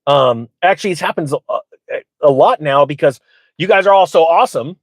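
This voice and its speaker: A man's voice: a little high, animated, moderate pace, dry recording. A middle-aged man hosting his channel, casually telling rambling stories and acting out quoted voices, with plenty of fillers. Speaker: channel host. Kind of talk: casual storytelling to viewers.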